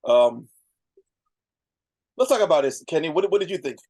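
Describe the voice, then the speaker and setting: A man's voice: a little high, expressive, moderate pace, a little mellow, breathy edge, dry recording. A man in his thirties co-hosting a casual review show, chatting loosely with lots of fillers and restarts. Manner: rambling, frequent fillers and restarts. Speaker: podcast co-host.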